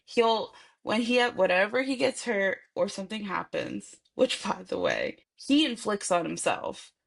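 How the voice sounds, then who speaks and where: A young woman chats on a podcast, spinning lively stories about her toddler with casual swearing along the way. Her voice sits in a middle pitch and carries a gravelly fry. It sounds like relaxed, unscripted talk between friends. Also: a little slow. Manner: animated storyteller who swears casually. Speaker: podcast co-host. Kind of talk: casual chat.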